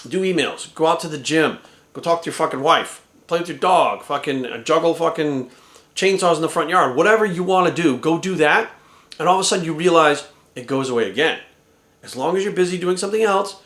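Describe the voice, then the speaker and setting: A man in his forties talks casually and bluntly, swearing freely and checking in with a constant "right?". His voice sits a little high for a man. The room around him rings with echo. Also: a bit bright. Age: 40s. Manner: blunt, profane, repeats "right?". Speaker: fitness coach. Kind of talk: casual motivational talk to camera. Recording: echoey room.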